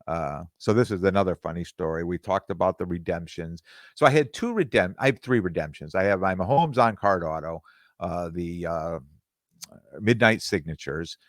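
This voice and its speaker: A man with a very low voice tells a long story in a rambling, conversational way. He restarts often and acts out bits of dialogue. The recording is dry and close, with no room sound. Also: normal speed, dry recording. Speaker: podcast host. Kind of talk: casual storytelling monologue.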